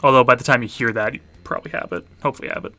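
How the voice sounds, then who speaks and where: A man's voice: mid-range voice, animated, racing, vocal fry, sharp tone. A man, a teacher hosting a party game stream for students, chatting casually with dry offhand asides as he sets up rounds. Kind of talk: casual livestream chat.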